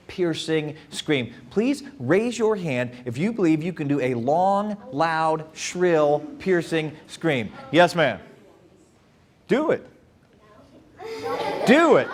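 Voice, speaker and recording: A high-voiced man tells a story live before a young crowd. His pitch swoops and leaps all over the place, and he keeps playfully stopping to speak with his listeners. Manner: animated and playful, talks to the crowd. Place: live event before an audience.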